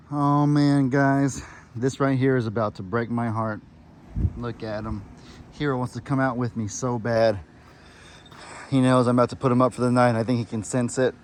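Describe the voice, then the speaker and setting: Guy chatting to viewers about his farm, some faint noise behind him. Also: medium pitch. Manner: talks softly and fondly to his goat. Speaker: farm vlogger. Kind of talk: casual vlog.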